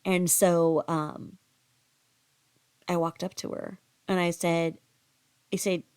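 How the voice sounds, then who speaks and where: A woman's voice: little pitch movement, slow, darkish tone, clean tone. Chatty middle-aged woman telling a story. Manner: chatty, rambling, with many fillers and restarts; acts out quoted voices in a higher pitch. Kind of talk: casual storytelling.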